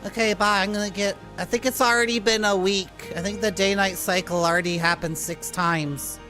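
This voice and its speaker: A woman's voice: mid-range voice, fairly even intonation, moderate pace, bright, forceful tone. A woman commenting while playing a game, muttering in a puzzled way. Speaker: game player. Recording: faint music behind.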